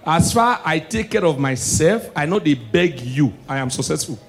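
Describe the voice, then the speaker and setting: A man with a Nigerian accent performing stand-up comedy. He mixes Pidgin and English and swings between murmured asides and shouted punchlines. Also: a little high, animated, normal speed, gravelly, slight background noise.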